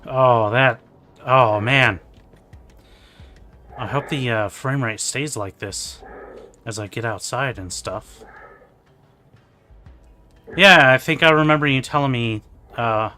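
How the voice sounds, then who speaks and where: A man's voice: medium pitch, takes it slowly, pauses often, sharp tone, soft background music. A man playing a video game on stream, chatting casually with his viewers. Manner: chatty, talks to viewers, laughs. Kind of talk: casual let's-play commentary.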